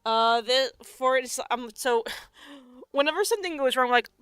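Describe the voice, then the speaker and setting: A young woman streamer with a bright, crisp voice chats in an unhurried way while she works on a craft, cussing cheerfully and breaking into laughs often. Her voice is close and dry, with faint music playing underneath. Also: on the high side, little pitch movement, dry recording. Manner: chatty, profane, laughs often, reads chat aloud. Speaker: live streamer and tabletop game master.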